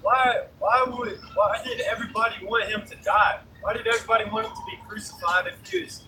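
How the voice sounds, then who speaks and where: A man with a very high voice talks emphatically, sometimes halting. He is recorded from a distance outdoors, with clear background noise. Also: fairly even intonation. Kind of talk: casual discussion.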